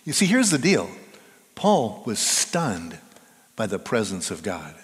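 A man preaching a sermon as pastor, swinging between hushed and loud emphatic delivery. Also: lowish voice, huge pitch swings, slow pace, long reverb tail.

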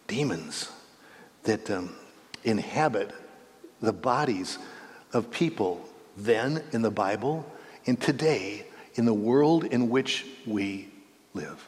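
A man teaching a Bible lesson as a sermon, emphatic, rising on key words and correcting himself as he goes. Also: on the low side. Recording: echoey hall reverb.

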